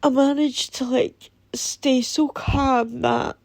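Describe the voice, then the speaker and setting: A Scottish woman telling a painful personal story in a halting, somber way, with many pauses and restarts. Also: high-pitched, fairly even intonation, vocal fry, no room sound. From Scotland. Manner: somber and emotional. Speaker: vlogger. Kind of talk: personal testimony.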